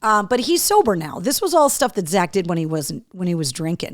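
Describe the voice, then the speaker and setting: A woman's voice: lowish voice, sing-song, a little fast, hardly any pauses, dry recording, clean studio sound. A woman hosting a casual live show, chatting to her dogs in a coaxing voice and reading out viewer comments. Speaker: host. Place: home studio room.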